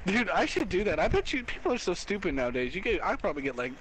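A man's voice: high-pitched, wildly swooping pitch, quick pace, noisy background. A young man chatting casually while gaming, joking, swearing and laughing a lot. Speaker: gamer. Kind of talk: casual gameplay chat.

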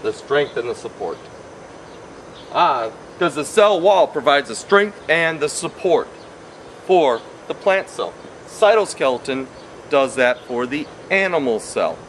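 A man's voice: fairly high pitch, fairly bright tone, slight background noise. Playful man teaching science. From Wisconsin. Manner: playful, goes off on tangents, repeats points. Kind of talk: chatty classroom lesson.

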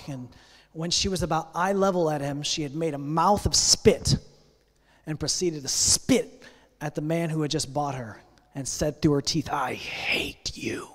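A man preaching a sermon, earnest and deliberate, building intensity through a long story. His voice sits a little high for a man. A long reverb rings around him in the sanctuary. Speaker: pastor. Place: church sanctuary. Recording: long church hall reverb.

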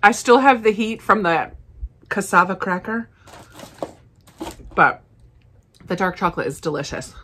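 A woman chatting casually as she unboxes and tastes snacks, upbeat and quick to laugh. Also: mid-range voice, animated, fairly bright tone, a little hiss or hum. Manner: chatty, enthusiastic, frequent laughs. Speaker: snack reviewer. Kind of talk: casual unboxing and tasting vlog.

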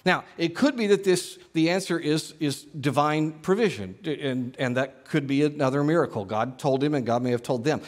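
Middle-aged pastor, slightly high-pitched man, lively and playful as he teaches from the pulpit. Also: moderate pace, few pauses. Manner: animated, joking teacher. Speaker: lead pastor. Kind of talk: sermon. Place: church sanctuary.

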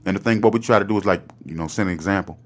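Fast-talking deep-voiced male host. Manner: fast-talking, hyped, slangy. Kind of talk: casual live-stream chat.

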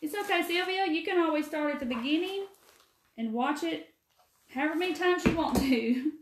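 A woman's voice: sits high, moderate pace. Chatty Southern woman in an echoey room. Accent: Southern US, Mississippi. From Mississippi. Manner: folksy, talkative, answers viewer comments by name. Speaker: craft live-stream host. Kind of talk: chatty live craft demo. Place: empty room.

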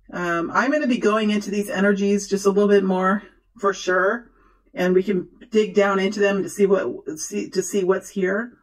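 A woman talks through a tarot spread in a loose, conversational way. She fills pauses with ums and often starts over mid-sentence. Her tone stays encouraging toward the listener. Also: mid-range voice, low-quality recording. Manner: chatty and rambling, many fillers and restarts, encouraging. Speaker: tarot reader. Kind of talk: casual tarot reading to camera.

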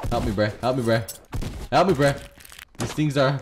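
A man giving casual, profane gameplay commentary as a streamer, excitable and prone to yelling. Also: mid-range voice, moderate pace. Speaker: gaming streamer. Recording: noisy game audio behind.

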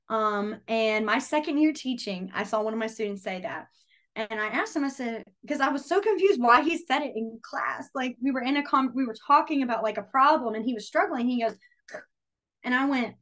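A young woman teaching a beginners' sign language class, chatty and full of fillers, telling lively classroom stories. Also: a little high, fairly quick. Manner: chatty, filler-heavy, animated storytelling. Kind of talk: casual teaching with anecdotes.

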